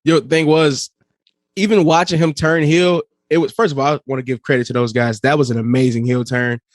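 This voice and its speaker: A man's voice: medium pitch, steady tone, fairly quick, no echo, studio quality. A man co-hosting a podcast in casual chat, mostly chiming in with short agreeing remarks. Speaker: podcast co-host.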